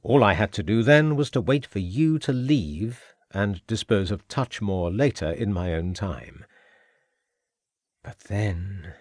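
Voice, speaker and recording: A man's voice: on the low side, dry recording, studio quality, heavily acted. A man doing a sneering Victorian villain. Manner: sneering, gloating, menacing. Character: scheming murderous Victorian gentleman villain.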